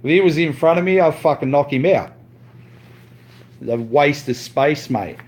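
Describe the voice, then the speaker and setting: A man's voice: fairly high pitch, expressive, normal speed, darkish tone. A man ranting on his live stream, boastful and profane, repeating himself and saying "mate" a lot, with frequent stumbling restarts.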